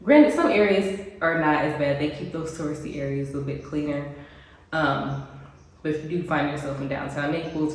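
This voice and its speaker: A woman's voice: low voice, darkish tone. An American woman vlogging casually to camera, chatty with frequent ums and little laughs, sounding congested. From United States. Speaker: expat vlogger. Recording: very echoey room, faint background noise.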